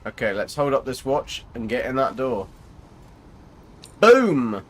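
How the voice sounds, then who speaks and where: Chatty British gaming streamer. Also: male voice, medium pitch, moderate pace. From Britain. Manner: chatty, playful, joking. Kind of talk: casual livestream commentary.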